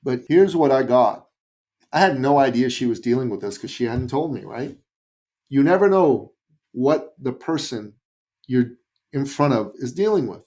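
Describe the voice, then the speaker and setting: Give me a Canadian man with an average-pitched voice, telling a story as a guest with lively, emphatic delivery. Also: normal speed. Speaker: podcast guest, business coach. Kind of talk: storytelling in an interview.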